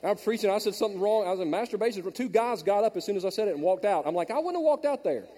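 A male pastor speaking into a handheld mic delivers a very fast storytelling sermon in a high, lifted voice. He sinks into hushed asides and then rises to loud, emphatic peaks. The long reverb of a big church hall rings around him.

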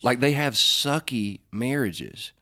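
A man's voice: mid-range voice, animated, slow pace, bright, forceful tone. A middle-aged man co-hosting a casual faith advice chat, joking and rambling as he answers listener questions. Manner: joking, rambling, self-correcting.

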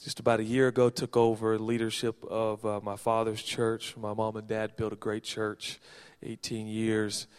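A man from Seattle preaching a sermon as a pastor, reading scripture with folksy joking asides and swinging from soft to loud. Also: fairly low pitch, completely flat delivery, moderate pace, hardly any pauses, clear, resonant tone. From Seattle, Washington, USA. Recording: long reverb of a large hall.

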